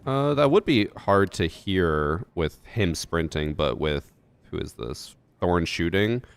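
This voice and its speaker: A man's voice: low-pitched, lively intonation, slow pace, creaky, clear, resonant tone. A man streaming and reviewing a match replay, chatting casually and thinking aloud with fillers. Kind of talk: casual gaming chat.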